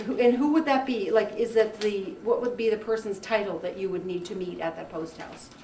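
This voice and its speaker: A woman leading a career workshop for a group, telling anecdotes in a chatty, animated way. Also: mid-range voice, a little fast, a little hiss or hum. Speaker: workshop leader. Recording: echoey room from far off, faint ambience.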